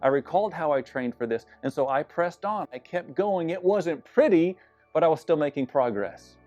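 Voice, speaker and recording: A man with a slightly high, expressive and somewhat mellow voice speaks at normal speed as a pastor, sharing a personal story earnestly and confessionally, with touches of self-deprecating humor. The sermon-style recording sounds a bit dull, with faint music behind him.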